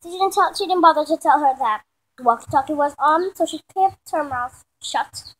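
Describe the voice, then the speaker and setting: A woman's voice: high-pitched, normal speed. A woman telling an improvised story in a rambling way, often restarting and correcting herself.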